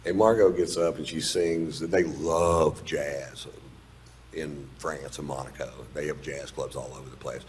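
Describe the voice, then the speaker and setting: A man's voice: rumbling low, steady tone, unhurried, a little hiss or hum. A man telling a long stand-up story in a laid-back, profane, drawling way. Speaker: stand-up comedian. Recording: played stand-up clip.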